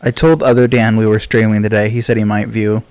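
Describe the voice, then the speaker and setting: A man's voice: lowish voice, level tone, a little fast, a little mellow. Laid-back man chatting over a game. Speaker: co-player on stream. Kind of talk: casual gaming chat. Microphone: desk microphone with gain knob.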